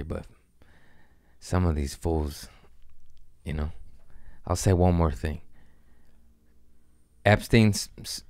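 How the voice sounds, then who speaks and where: Low-voiced man rambling with profane earnestness. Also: clear, resonant tone, no room sound, studio quality. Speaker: comedian guest. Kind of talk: casual podcast chat.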